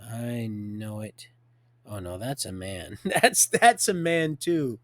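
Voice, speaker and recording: Man, gravelly voice, livestream preacher, rambling, hushed then loud, laughs a lot. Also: fairly low pitch, slow, no room sound. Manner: animated, swings from hushed to loud, laughs often. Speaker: livestream host. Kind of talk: rambling religious monologue.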